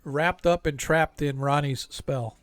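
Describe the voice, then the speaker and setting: A man with a slightly high, steady voice speaks slowly as he runs a tabletop RPG as game master on an online voice call. His manner is relaxed and meandering, with many fillers.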